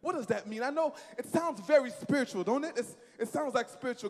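Male preacher, lively swooping delivery, call-and-response sermon, echoing hall. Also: extremely high pitch, quick pace, few pauses. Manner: emphatic, repeats phrases, leads the congregation in call-and-response.

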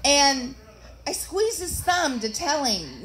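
High-voiced woman doing stand-up. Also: takes it slowly, slight background noise. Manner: chatty, animated, talks to the crowd. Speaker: stand-up comedian. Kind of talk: stand-up comedy set. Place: comedy club stage. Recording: roomy live club with crowd.

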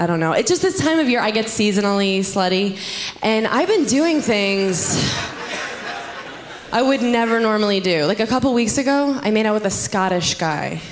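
A young woman performing a stand-up comedy set, chatty and teasing the audience, with sudden high squeals in her bits. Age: young adult. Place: comedy club stage. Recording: loud background noise from audience.

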